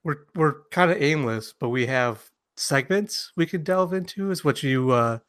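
A man co-hosting a podcast in casual banter, animated and quick to laugh, often slipping into mocking quoted voices. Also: fairly high pitch. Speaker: podcast co-host.

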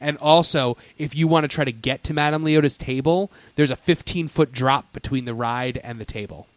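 A man's voice: medium pitch, normal speed, no echo. Chatty guy gushing about rides, lots of ums and restarts, dry close mic. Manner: enthusiastic storyteller, lots of fillers and restarts. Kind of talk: casual theme-park chat.

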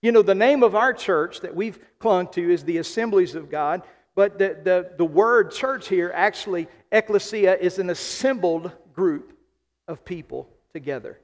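A man from the American South preaching a sermon as pastor, emphatic, slowing and repeating key phrases. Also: sits high. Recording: long hall reverb.

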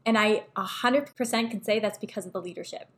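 A woman's voice: medium pitch, a little fast, fairly bright tone. Woman, podcast host, conversational interviewer. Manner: engaged interviewer, reads quotes aloud.

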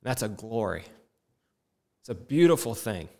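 A man's voice: fairly low pitch, big pitch swings, unhurried, a little mellow. A middle-aged man preaching a sermon with impassioned, rising and falling delivery. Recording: long reverb in a hall.

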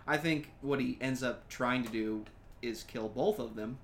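A man's voice: mid-range voice, a little slow, slight background noise. A man co-hosting a podcast, offering dry, analytical remarks in casual chat.

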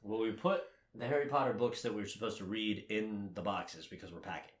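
A man in casual chat, recapping a film with animated, exasperated, sweary ranting. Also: on the low side, brisk. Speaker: podcast co-host recapping a film. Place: home room, packing to move.

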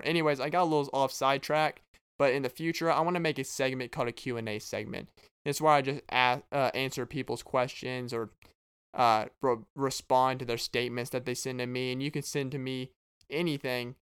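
A man's voice: medium pitch, steady tone, fairly quick, fairly bright tone, clean tone. A man hosting his own podcast as a stand-up comedian, rambling and joking straight to his listeners. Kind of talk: casual comedic monologue.

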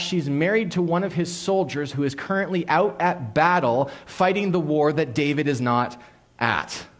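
A man preaching a sermon as a pastor, telling the story in an animated way, acting out quotes and dropping suddenly to a hush. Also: sits high.

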